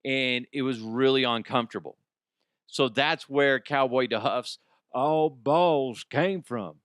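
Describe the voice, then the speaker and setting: A man's voice: medium pitch, unhurried, a bit bright, no echo, clean studio sound. A man hosting a comic news podcast, rambling and joking with frequent laughs. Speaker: podcast host.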